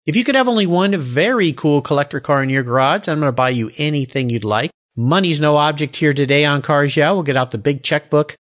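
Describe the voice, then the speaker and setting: A man's voice: on the high side, fairly quick, few pauses, a bit bright. A man hosting an interview podcast, talking in an enthusiastic, exclaiming way. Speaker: podcast host.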